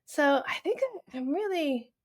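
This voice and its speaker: A woman's voice: sits high, big pitch swings, unhurried. A woman in her thirties hosting a podcast, chatting casually and animatedly about a film and laughing often. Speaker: podcast host.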